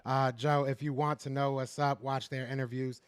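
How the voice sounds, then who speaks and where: A man's voice: mid-range voice, level tone, moderate pace, smooth, dry recording. A man hosting a casual fan podcast, ranting in frustration, repeating himself and answering viewers' chat. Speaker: podcast host reading live chat.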